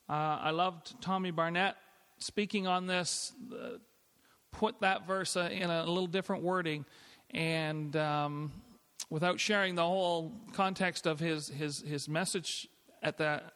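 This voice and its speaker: A middle-aged pastor with a slightly high, fairly bright voice preaches a sermon conversationally, often restarting and laughing lightly. A long hall reverb surrounds the recording.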